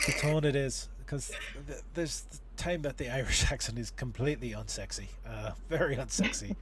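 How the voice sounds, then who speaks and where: A man's voice: medium pitch, moderate pace, a bit bright, a little hiss or hum. A man hosting a casual livestream advice chat, talking in a rambling way with many restarts and fillers. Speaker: host.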